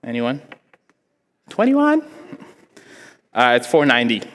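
A young man from Africa preaches to a congregation in a hall with a long, ringing reverb. He talks in a lively, joking way and puts on voices as he tells his story. His voice sits at a middling pitch. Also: normal speed. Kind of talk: sermon with storytelling. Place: church hall before a congregation.

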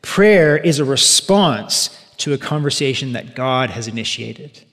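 A man preaching a sermon as pastor, animated, acting out quoted voices. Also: medium pitch, unhurried. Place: church sanctuary. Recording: long hall reverb.

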